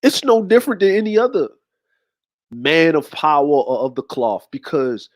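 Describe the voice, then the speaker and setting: A man's voice: fairly high pitch, big pitch swings, moderate pace, no room sound, studio quality. A man hosting a show, talking to his audience in a slangy, rambling way. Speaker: host. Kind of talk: casual commentary.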